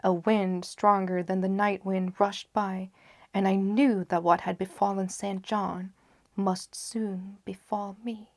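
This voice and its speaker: A woman reading a gothic horror story aloud in a hushed, often half-whispered voice with slow, dramatic pacing. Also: mid-range voice, level tone, dry recording, clean studio sound. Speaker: audiobook narrator.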